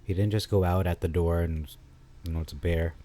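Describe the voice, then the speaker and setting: Man, low warm voice, casual study-style commentary, halting delivery. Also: steady tone. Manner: thinking aloud, halting with frequent fillers and restarts. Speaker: scripture commentator.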